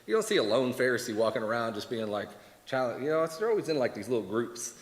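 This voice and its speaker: A man's voice: medium pitch, fast. Man teaching in an echoey church hall. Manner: candid and animated, acting out quoted voices. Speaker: Bible class teacher.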